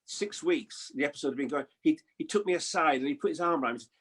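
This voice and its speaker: A man in his seventies chatting as a guest, telling lively stories with chuckles and impressions. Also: fairly high pitch, fast, slightly rough. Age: 70s. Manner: lively storyteller, chuckling, mimics voices. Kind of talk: anecdotal chat.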